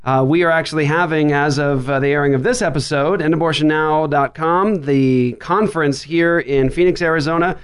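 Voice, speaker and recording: A man hosting a Christian radio talk show from a makeshift studio, upbeat with quick banter. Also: a little high, clean tone. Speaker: podcast host. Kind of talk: casual radio show chat. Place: makeshift studio writers' room.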